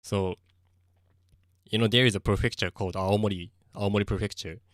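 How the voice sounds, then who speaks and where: A low-pitched young man speaks English with a Japanese accent in a loose live-stream chat. He stops and restarts often as he hunts for words, mixing in Japanese. The sound is dry and close, with no room echo. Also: steady tone, fairly quick.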